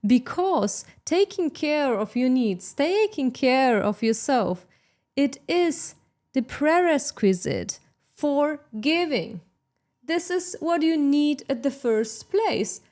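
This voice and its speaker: Slow, emphatic woman giving motivational talk. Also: sits high, animated, a little mellow. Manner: emphatic, slow and deliberate, with sarcastic asides. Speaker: self-help podcast host.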